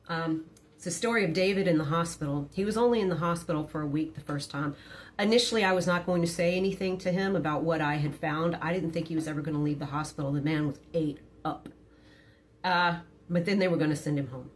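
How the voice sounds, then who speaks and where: Low-voiced woman telling a story. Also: a little hiss or hum. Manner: frank, conversational, with hesitant fillers. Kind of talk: candid storytime monologue.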